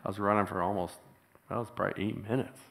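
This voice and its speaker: Male pastor, lowish voice, chatty storyteller who laughs a lot while preaching in church. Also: very fast, vocal fry. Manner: storytelling, chuckles often, animated when quoting others. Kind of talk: sermon.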